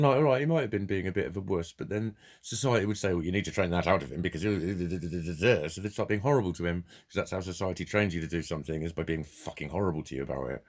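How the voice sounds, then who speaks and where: A man with a notably deep, low voice, speaking in a casual vlog monologue. He rambles and restarts his sentences, swears constantly and speaks with blunt, unfiltered candour. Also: a little mellow. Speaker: vlogger.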